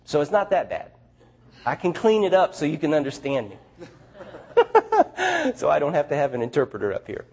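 Southern man, missionary speaker, lively storyteller, slightly husky voice. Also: fairly high pitch, fairly quick, pauses often. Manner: animated, chatty storyteller with restarts. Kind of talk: storytelling talk to an audience.

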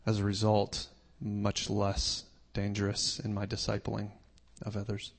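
Slow gravelly guy moderating a church panel, echoey hall. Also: fairly low pitch, monotone.

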